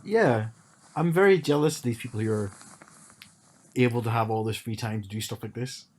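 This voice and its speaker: A man's voice: medium pitch, moderate pace. A man co-hosting a podcast in casual chat, rambling with frequent restarts and a wry tone. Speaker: podcast co-host.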